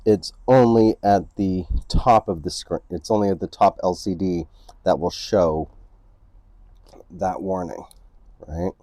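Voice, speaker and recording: A photography channel host runs a casual camera tutorial at home near a couch, speaking slowly in a low-pitched, dark voice and pausing often. He explains each step, checking in with the viewer by asking "right?". The recording is dry and studio quality.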